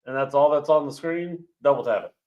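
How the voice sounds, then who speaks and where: A man's voice: a little high, normal speed, dull audio. A man co-hosting a live stream, teasing his partner and laughing often. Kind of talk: casual live-stream banter.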